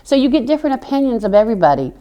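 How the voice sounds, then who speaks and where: A woman's voice: a little high, very animated, rapid-fire, mellow. Chatty Southern-accented woman veteran. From Oklahoma. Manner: storytelling, chatty. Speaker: veteran interviewee. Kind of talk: interview answers.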